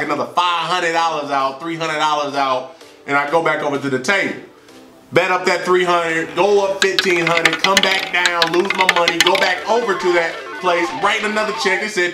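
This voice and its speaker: A young man telling a storytime vlog in an animated, slangy way, recorded indoors in a roomy space with faint music. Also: high voice. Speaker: vlogger.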